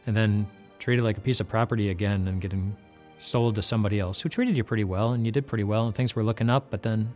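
A man's voice: on the low side, steady tone, fast, hardly any pauses, a little mellow, faint music behind. A man giving an earnest devotional retelling of a Bible story, often repeating words as he goes.

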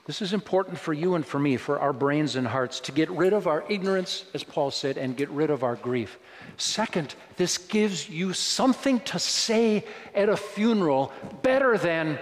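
A man delivers a sermon in a somewhat high voice, chatty and then suddenly emphatic. His words ring with the long reverb of a large hall. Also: animated, normal speed. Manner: conversational preaching with sudden emphatic rises. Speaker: pastor.

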